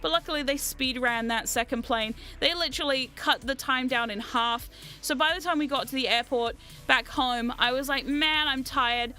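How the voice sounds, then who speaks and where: A woman vlogger chatting casually, telling animated stories, often laughing and swearing freely. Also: high voice, moderate pace, faint music behind. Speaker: VTuber vlogger. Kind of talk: casual storytelling chat.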